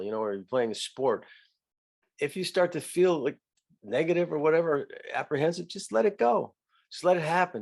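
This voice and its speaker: A man's voice: fairly high pitch, a little mellow. A middle-aged man, an actor guest on a podcast, talking reflectively in a casual chat with many restarts.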